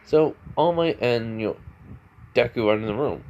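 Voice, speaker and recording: A man casually telling a fan story at a mid pitch, rambling and restarting as he goes. The sound is dull and lo-fi, with a faint hiss and clicks behind it. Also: expressive, normal speed. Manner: rambling, full of fillers and restarts.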